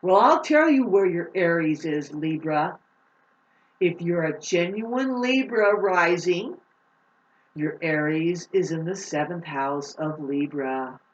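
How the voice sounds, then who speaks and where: A woman vlogger giving an unscripted astrology monologue, swearing freely and swinging between loud, heated outbursts and low, slow explanation. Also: lively intonation. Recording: roomy, distant, dull-sounding audio.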